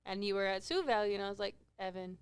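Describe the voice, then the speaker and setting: A woman's voice: mid-range voice, fast talker, smooth. A young woman guesting on a podcast, chatting casually and laughing along. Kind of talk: casual chat.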